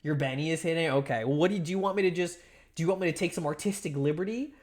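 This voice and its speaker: Racing along in a fairly high voice, a young man streams himself shaping clay dolls. His playful banter with viewers wanders, full of false starts, jokes at their expense, and laughs.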